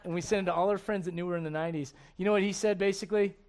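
A man's voice: high voice, fairly even intonation, racing, darkish tone. A middle-aged man preaching a sermon, acting out quoted voices and laughing at his own jokes. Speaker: pastor.

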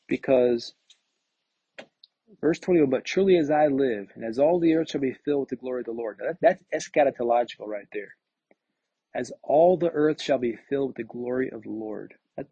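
A man's voice: mid-range voice, mellow, slightly rough, dry recording. A man teaching a Bible study verse by verse, reading scripture aloud and then commenting, often repeating words as he gathers his thoughts. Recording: dull, lo-fi recording.

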